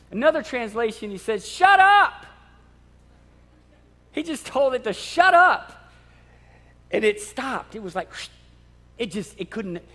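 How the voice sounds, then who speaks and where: A man preaching a sermon in an emphatic, animated way, often repeating his words. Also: high voice, breathy edge. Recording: long hall reverb.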